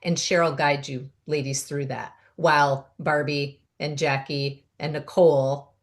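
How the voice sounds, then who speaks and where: Low-voiced upbeat woman hosting an interview. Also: flat delivery, unhurried. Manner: upbeat and encouraging, talks in long explanations. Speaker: host.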